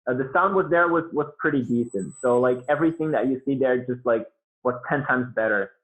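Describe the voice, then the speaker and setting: A man's voice: medium pitch, fairly quick, fairly bright tone. A man talking casually as a podcast guest, rambling with lots of fillers and restarts. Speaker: guest beatboxer. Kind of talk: casual interview talk. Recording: tinny phone-like line.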